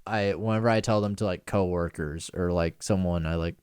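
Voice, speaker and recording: A young man in his twenties with a low, smooth, resonant voice, talking casually on a podcast. He rambles through self-deprecating stories and slips into giggles. The sound is dry and close. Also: a little fast, a little mellow, dry recording. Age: 20s. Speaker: podcast co-host. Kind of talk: casual chat.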